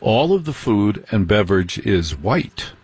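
A man with a husky, fairly low voice telling a comic story in stand-up style. He is sardonic and animated and throws in mocking asides. The sound is dry and close, with no room around it. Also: unhurried, no room sound. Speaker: comedian.

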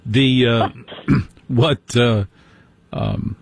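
A man's voice: medium pitch, very slow, creaky, dry recording. A man hosting a talk radio show, bantering with a caller and making sarcastic jokes. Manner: wry, sarcastic joking. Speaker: radio host.

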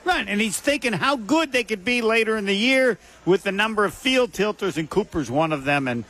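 A man's voice: high voice, expressive, a little fast, a bit bright. A man co-hosting a casual sports talk show, asking questions and making wry asides. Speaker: co-host.

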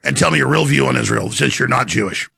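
A man hosting a live call-in talk show, animated, incredulous and pressing his caller. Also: medium pitch, quick pace, vocal fry, breathy edge, no room sound, studio quality.

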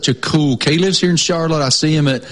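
A man's voice: on the high side, quick pace, poor audio. A man co-hosting a sports talk show, folksy and enthusiastic in casual chat. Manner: enthusiastic, folksy, colorful praise.

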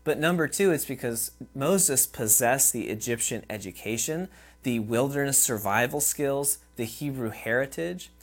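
A man's voice: mid-range voice, moderate pace, soft background music. A man preaching a sermon in a conversational way, often checking in with the listeners. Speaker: pastor.

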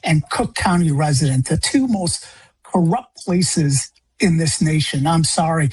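A man's voice: a little mellow, breathy edge. A middle-aged man from Illinois, a grieving father and radio guest, speaking with passion, his voice jumping up when he gets upset. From Illinois, United States. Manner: impassioned, pitch jumps up when upset. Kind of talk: phone-in interview.

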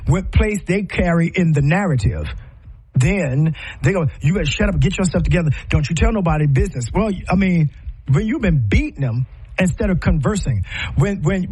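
A middle-aged man with a husky, fairly high voice talks like a preacher from the pulpit. His pitch swings widely as he piles up rhetorical questions and leans hard into each point. The delivery is fervent and conversational at once, as if he is urging a listener to wake up. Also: a little mellow, poor audio. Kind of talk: impassioned preaching-style talk.

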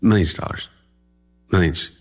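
A man speaking in a casual interview, hesitant and halting, with many fillers. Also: faint music behind.

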